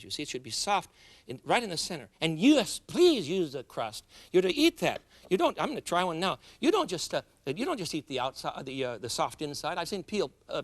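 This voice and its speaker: In a studio kitchen, a middle-aged cooking show host with a slightly high voice demonstrates a recipe. His pitch swings widely as he chats and jokes with viewers, laughing at himself between steps.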